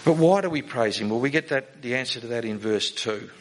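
A man's voice: mid-range voice, expressive, a little fast, poor audio. A man giving a sermon in a conversational way, often asking the congregation rhetorical questions. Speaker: preacher.

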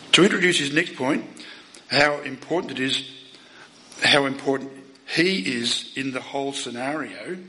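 A man preaching a sermon, emphatic, asking the listeners rhetorical questions and swinging between loud and soft. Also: mid-range voice, a little hiss or hum, low-quality recording.

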